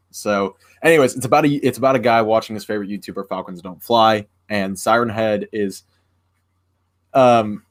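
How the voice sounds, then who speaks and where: A young man on a casual livestream, talking with lots of fillers and restarts. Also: lowish voice. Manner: rambling with many fillers and restarts. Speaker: streamer.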